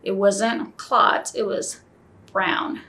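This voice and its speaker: A woman's voice: medium pitch, little pitch movement, extremely slow, sharp tone. A woman telling a personal story in a casual interview, acting out both sides of the conversations she recalls.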